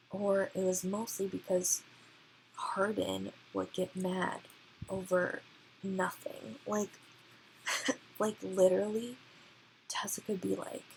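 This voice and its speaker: Slow, creaky woman ranting about a book. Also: medium pitch, slight background noise, low-quality recording. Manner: rambling, filler-heavy, often drops to a hush. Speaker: book reviewer. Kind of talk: casual ranting review.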